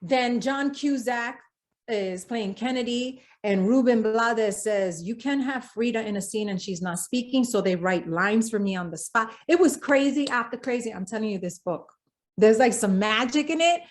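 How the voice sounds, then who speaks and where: Animated New woman telling stories. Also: fairly high pitch, moderate pace. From South Bronx, New York. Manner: lively storyteller, acts out quoted dialogue. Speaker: guest, singer and actress. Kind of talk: podcast interview storytelling.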